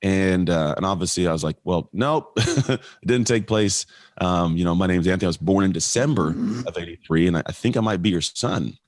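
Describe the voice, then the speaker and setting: A man in his late thirties from California, a podcast guest telling his life story in an animated way and acting out the voices of people he quotes. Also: sits low, brisk, dry recording, clean studio sound. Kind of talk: storytelling in an interview.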